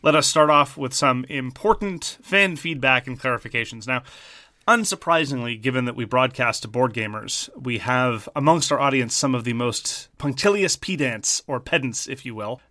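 Podcast co-host, male, Montreal Irish Anglo accent; bright, dry close sound; wry, fussy about words. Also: mid-range voice, lively intonation, normal speed, no echo. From French Canada. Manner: wry, wordy and pedantic. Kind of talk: casual podcast chat.

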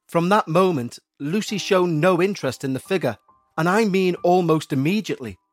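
A man in measured, scripted narration of a listener's eerie story. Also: sits high, lively intonation, no echo, faint music behind.

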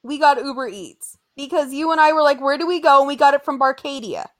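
High-voiced young woman telling stories. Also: quick pace. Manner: animated storyteller, acts out quotes in exaggerated voices. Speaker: podcast co-host. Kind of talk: casual chat.

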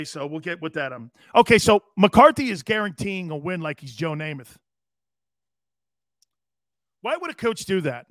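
A man's voice: on the high side, fairly bright tone, no room sound, studio quality. A middle-aged man hosting a live sports talk show, brash, boastful and rambling.

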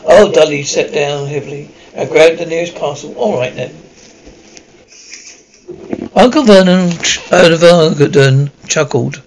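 A man's voice: fairly high pitch, moderate pace, few pauses, a little hiss or hum, poor audio. Stumbling man reading aloud. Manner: stumbling, frequent self-corrections. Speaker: narrator. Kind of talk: audiobook reading.

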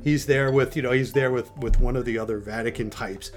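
An older man, a podcast host and grandfather, telling stories in a casual, animated way and often restarting his sentences. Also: medium pitch, a little fast, faint music behind. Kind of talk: casual storytelling chat.

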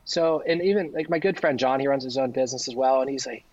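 A podcast guest tells stories in a casual, animated way, acting out the lines people said to him. His voice sits in the mid-range and moves fast, with a lo-fi recording quality.

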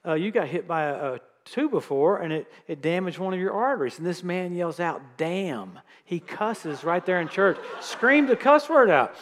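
Middle-aged man, guest preacher, high and lively, humorous storytelling sermon, church hall reverb. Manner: lively, jokes with the audience. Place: church sanctuary.

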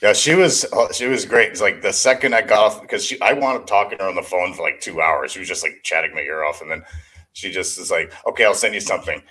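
A man co-hosting an audio drama podcast, telling stories in an animated way and swearing freely, from an echoey room. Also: deep voice, quick pace. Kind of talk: casual chat on a remote call.

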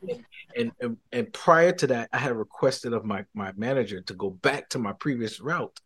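Man telling an animated faith story. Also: mid-range voice, normal speed, slightly rough. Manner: animated storyteller with frequent restarts. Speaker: podcast guest. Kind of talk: personal faith testimony.

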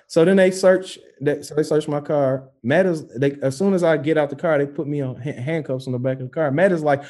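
A man recounts a run-in in loose, profane casual chat, jumping into the voices of everyone involved. His voice sits a little high for a man, and he tells it with real animation. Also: brisk, hardly any pauses, warm tone.

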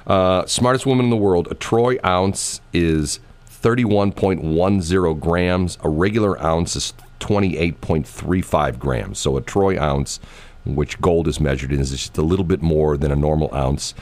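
A man's voice: low voice, a little slow, a little mellow. A middle-aged man hosting a morning radio show, rambling in casual chat and laughing often, recorded in a radio studio.

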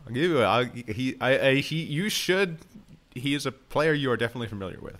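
A man's voice: medium pitch, expressive, a little fast, a bit bright. A man hosting a casual podcast quiz, reading quotes aloud and laughing often. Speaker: podcast host running a quiz.

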